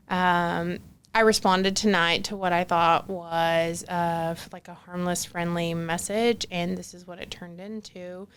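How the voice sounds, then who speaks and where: A young woman with a clean, resonant voice talks through a personal story on a podcast. She is chatty and loose, with frequent fillers, and she slips into quoting the people in her story. Her pitch sits in a middle range. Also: fairly even intonation, moderate pace, smooth. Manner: chatty, many fillers like "like", acts out quoted dialogue. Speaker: podcast guest. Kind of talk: casual storytelling conversation.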